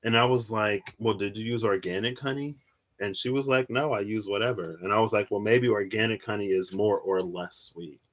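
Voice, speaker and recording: A young man talks loosely and rambles, drifting from one story to the next while he reads tarot on a live stream. His voice sits fairly low but sounds bright and forceful, and he breaks into squealing, high-pitched laughs. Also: moderate pace.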